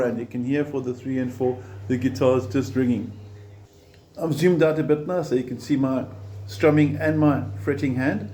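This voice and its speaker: A man's voice: mid-range voice, unhurried. A man teaching a beginner guitar lesson step by step, patient and encouraging, counting the beats aloud.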